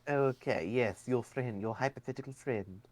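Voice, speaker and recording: A man voicing a soft-spoken, wise fey host who talks in a slow, hushed, dignified way. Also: mid-range voice, slight background noise, natural voice. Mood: courteous.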